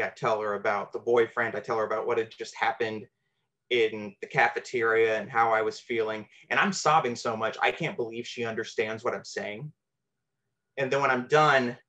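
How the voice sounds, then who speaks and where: A man's voice: medium pitch, pushed and bright. A man telling a true, personal story from his teenage years, earnest and candid with a self-deprecating edge.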